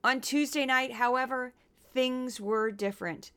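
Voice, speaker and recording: Smooth-voiced woman podcast host. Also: high-pitched, fairly even intonation, fairly bright tone. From Missouri. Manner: chatty, quick asides, playful impressions. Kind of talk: casual podcast commentary and scripted narration.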